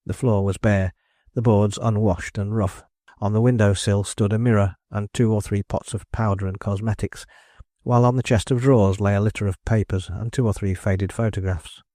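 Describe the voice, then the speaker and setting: A man reading a novel aloud as an audiobook narrator, in measured, deliberate scripted narration. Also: on the low side, steady tone, warm tone, no echo, clean studio sound.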